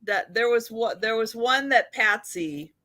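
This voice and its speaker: A woman's voice: on the high side, animated, measured pace, sharp tone. A woman guesting on a live chat, talking earnestly and laughing easily, often repeating herself. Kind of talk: casual chat.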